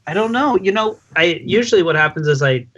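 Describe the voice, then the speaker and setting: A man with a fairly high, bright voice rambles through casual podcast chat. He jokes and pokes fun at himself. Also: expressive, brisk, lo-fi sound. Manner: self-deprecating, rambling, jokey. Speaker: podcast guest.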